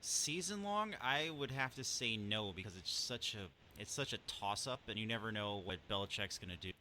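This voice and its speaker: A man co-hosting a football podcast, giving laid-back, measured answers in casual chat. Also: on the low side, expressive, sharp tone, a little hiss or hum. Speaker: podcast co-host on a call.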